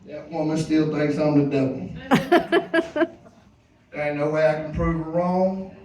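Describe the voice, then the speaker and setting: A first-time comedian telling a story on stage, animated and colloquial, laughing as he goes. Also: fairly high pitch. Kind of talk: stand-up storytelling. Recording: echoey club from far off.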